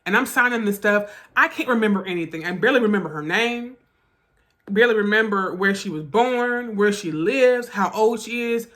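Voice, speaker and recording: Woman vlogger, bright voice, halting and emotional storytime delivery. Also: medium pitch. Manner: emotional, halting retelling with restarts. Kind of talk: storytime vlog.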